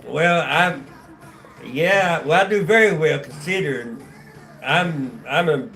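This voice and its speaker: A man's voice: fairly high pitch, slow pace, a bit bright, faint music behind. A man with a North Carolina accent telling his life story on a casual livestream, rambling and profane, with many restarts and fillers. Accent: North Carolina Southern.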